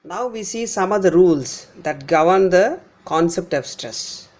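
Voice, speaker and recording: A man with a fairly high voice and an Indian English accent teaches an English pronunciation lesson. He explains step by step and patiently repeats example words slowly to show where the emphasis falls. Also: lively intonation, a little mellow.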